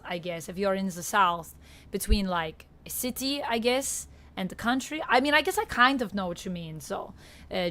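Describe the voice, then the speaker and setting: A young woman with a Canadian accent chatting casually to her viewers while playing a game live, reading out chat and filling pauses with "uh" and "like". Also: medium pitch, fairly bright tone. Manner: chatty, reads chat aloud, frequent fillers. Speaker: streamer. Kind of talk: live-stream gameplay chat.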